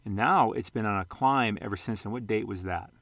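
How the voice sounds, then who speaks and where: A man with a fairly low voice talks viewers through charts in a loose, rambling vlog style. He corrects himself often and throws in jokey asides. The sound is dry and close, with no room echo. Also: a little fast, a bit bright. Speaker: sports card and investing vlogger. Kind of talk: casual screen-share commentary.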